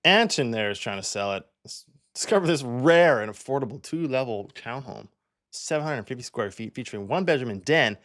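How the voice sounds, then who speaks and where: A man's voice: medium pitch, expressive, brisk, fairly bright tone. A young man from Canada, a real estate agent, chatting casually as he walks through home listings and thinks aloud with plenty of fillers.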